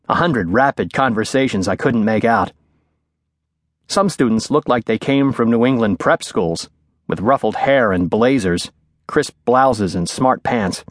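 A man's voice: mid-range voice, dry recording, clean studio sound. Man narrating a thriller audiobook. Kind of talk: scripted narration. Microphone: studio microphone.

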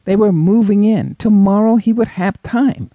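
A man narrating a suspense audiobook in an expressive storytelling manner. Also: sits high, moderate pace, no echo, lo-fi sound. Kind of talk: scripted narration.

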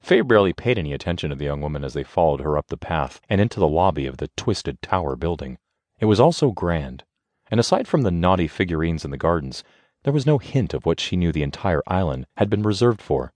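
A man reading an audiobook in scripted narration, telling the story in an expressive, measured way on a close studio mic. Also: deep voice, no room sound.

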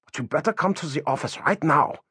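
A man's voice: on the high side, fast talker, sharp tone, slightly rough, dry recording, clean studio sound, voice pushed up, full character voice. A man voicing a knowing male intelligence officer with a German accent, who speaks in a precise, lecturing way. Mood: dry.

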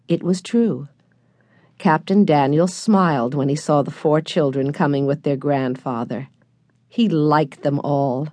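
A woman narrating a children's audiobook in a measured, gentle storytelling manner. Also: low-pitched, dry recording.

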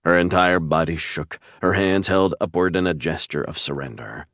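A man narrating a romance audiobook in a measured, steady storytelling voice, recorded close to a studio mic. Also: sits low, no room sound.

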